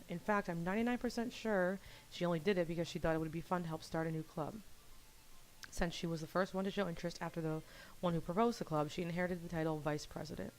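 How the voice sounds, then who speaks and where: A woman's voice: fairly low pitch, a little hiss or hum, poor audio. A young woman gaming youtuber reading a visual novel aloud in a casual first-person narration, at a desk mic at home.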